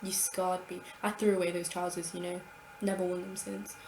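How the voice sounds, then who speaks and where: Swearing, animated woman vlogger. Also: lowish voice, normal speed, vocal fry, reverberant, a little hiss or hum. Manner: animated, swears freely, acts out her own past thoughts. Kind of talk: casual storytime monologue.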